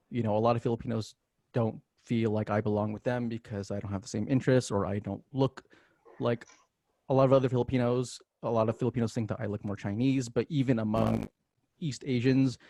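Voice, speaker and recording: A man from the United States on a podcast panel, speaking in a thoughtful, measured way with a few fillers. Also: medium pitch, vocal fry, mellow, no echo, clean studio sound. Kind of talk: casual panel discussion.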